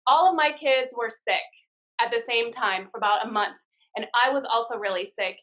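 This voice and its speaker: A woman in her thirties speaks in a high, bright, forceful voice. She tells her story with blunt candor and plenty of swearing. The live-stream audio is dull and lo-fi. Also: normal speed. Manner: candid storytelling with frequent swearing. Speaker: guest, card-deck founder. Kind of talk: casual live-stream interview.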